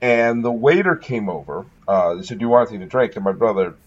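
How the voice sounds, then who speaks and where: A man's voice: on the low side, lively intonation, fast, dull audio. A man around fifty, from Massachusetts, chatting casually as a podcast host and telling a story with wry jokes. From Massachusetts, USA.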